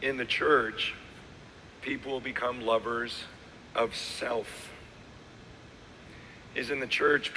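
Male pastor, middle-aged, hoarse; slow, animated sermon delivery with a bright edge, faint background noise. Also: mid-range voice. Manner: animated preaching, swinging from shouts to quiet asides. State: hoarse, voice worn out. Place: large hall with live audience. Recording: long hall reverb, faint noise.

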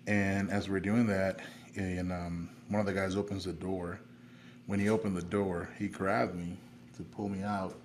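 A man's voice: deep voice, flat delivery, a little slow, slight background noise. A man, an army veteran guest on a podcast, telling a personal story in a candid, plainspoken way with frequent fillers.

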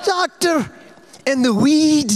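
Man doing a Scottish woman impression, high-pitched, insistent, scolding, drawn-out, emphatic. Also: expressive, exaggerated voice. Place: convention panel hall.

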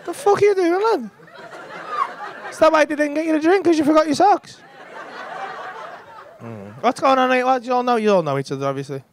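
A man's voice: very high-pitched, animated, brisk, long pauses, a little hiss or hum. A man doing cheeky, sweary stand-up crowd work, bantering with people in the audience of a comedy club. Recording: live club with audience laughter.

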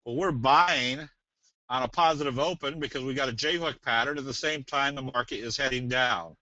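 A man presenting a trading webinar in a casual, folksy, joking way with a salesy pitch. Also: normal speed, pushed and bright, dry recording. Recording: dull dry webinar audio.

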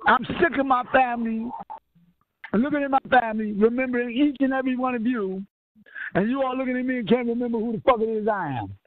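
High-voiced man preaching, profane and fiery. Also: fast. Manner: fiery, profane, quizzes listeners with rhetorical questions. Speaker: spiritual leader. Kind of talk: profane call-and-response sermon. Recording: tinny lo-fi line with faint hiss.

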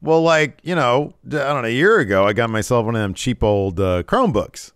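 A man's voice: mid-range voice, a little fast, clean tone, no echo, studio quality. A man co-hosting a wrestling podcast, recapping the show in casual chat, laughing often and joking around. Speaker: podcast co-host.

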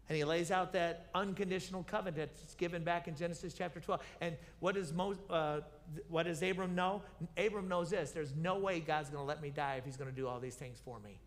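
Speaking a little fast with few pauses, a man with a voice on the high side preaches as pastor, bringing Bible stories to life by voicing the characters. He repeats key phrases while posing questions to the congregation, heard via a reverberant broadcast from the church sanctuary.

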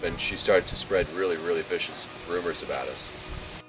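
A man's voice: low voice, moderate pace, over music, low-quality recording. A man telling a funny personal anecdote in a dry, laid-back way during an interview.

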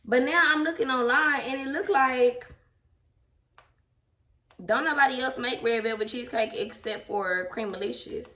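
A woman's voice: a little high, normal speed, long pauses, bright, forceful tone. A young adult woman chatting casually with her viewers at home, open and emotional. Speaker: vlogger. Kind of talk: casual vlog chat. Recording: distant mic, faint background noise.

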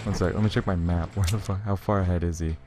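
A man's voice: deep voice, steady tone, fast. A young man commentating his gameplay, frustrated and swearing constantly over game music and hoofbeats. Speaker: let's play gamer. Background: game music and horse hooves.

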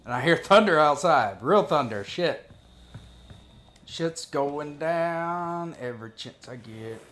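A man's voice: on the high side, expressive, takes it slowly, fairly bright tone. Profane joking man narrating his gameplay. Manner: profane, joking running commentary to himself. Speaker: gaming video creator. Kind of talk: casual gameplay commentary.

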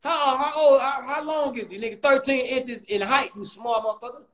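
A man with a strikingly high voice runs a profane comic roast on a livestream. He talks loudly and mockingly, firing one insult after another at the person he is arguing with. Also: low-quality recording. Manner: loud, mocking, rapid insults. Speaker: comedian host.

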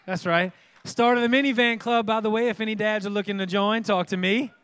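High-pitched animated male pastor preaching. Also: fairly quick, smooth. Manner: animated and comic, acting out voices. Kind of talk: sermon.

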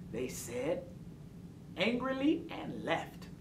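A man reading a short children's story aloud in an expressive, sing-song way. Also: high voice, takes it slowly. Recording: roomy distant mic, faint background noise.

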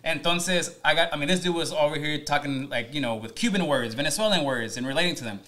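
A man's voice: fairly high pitch, a crowd in the background. A young Mexican-American man hosting a podcast, talking energetically and switching between English and Spanish. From Mexican-American, raised in the US. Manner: fast, energetic, mixes English and Spanish with swearing. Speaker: radio host, podcast host. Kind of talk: casual podcast chat.

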